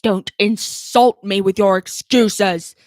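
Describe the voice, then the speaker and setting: A woman's voice: mid-range voice, animated, normal speed, a little mellow, no room sound, studio quality, close to an everyday voice. A woman voicing a bad-tempered male fairy police commander who roars and makes demands, in a storybook reading. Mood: furious. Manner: roaring, demanding.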